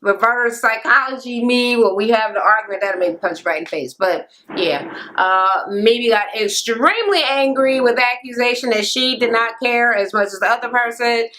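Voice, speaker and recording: A woman's voice: fairly high pitch, normal speed, sharp tone, slight background noise. A young woman giving a casual, profane recap rant on a reality show, blunt and full of filler words. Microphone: camera mic.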